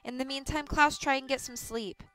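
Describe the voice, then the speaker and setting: An earnest, protective teenage girl, as a woman reader puts her on in a storybook reading. She speaks with a bright, forceful edge, pleading and firm in turn. Her voice sits a little high. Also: expressive, a little fast, faint music behind. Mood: gentle, hushed. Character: worried protective teenage girl, eldest sister.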